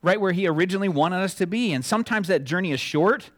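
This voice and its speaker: A man's voice: high-pitched, fast. A middle-aged male pastor giving a conversational sermon, acting out little dialogues and chuckling at his own asides.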